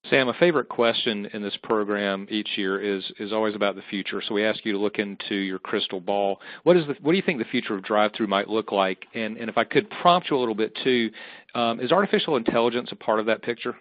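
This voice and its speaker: Fast-talking man asking interview questions. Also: on the low side, no echo. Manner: brisk, prompting questions. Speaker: interviewer, sales executive. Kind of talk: hosting an interview. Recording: dull, dry sound.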